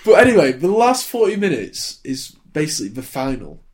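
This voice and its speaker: With a fairly high pitch and a slightly fast delivery, this twenty-something podcast co-host reviews films in a casual chat. His takes are blunt and wry, and he gets animated during his rants.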